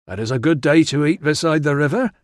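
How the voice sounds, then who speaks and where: A man doing a hurt, halting young runaway. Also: on the high side, lively intonation, no room sound, clean studio sound, pitched above the performer's own voice, natural voice. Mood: pleading. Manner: halting, careful. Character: hurt hungry young male runaway legionary.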